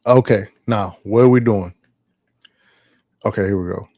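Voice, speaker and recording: Slangy, laughing casual commentator. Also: male voice, lowish voice, unhurried, dark tone, dry recording, studio quality. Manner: slangy, laughing, rambling, profane. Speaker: commentary streamer.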